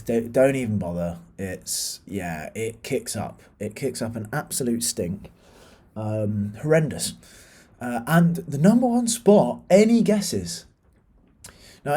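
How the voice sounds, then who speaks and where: A man's voice: mid-range voice, warm tone. Ranting British man reviewing films. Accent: British English. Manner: exasperated, ranting, frequent fillers and restarts. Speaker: film reviewer. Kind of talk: casual opinionated film review.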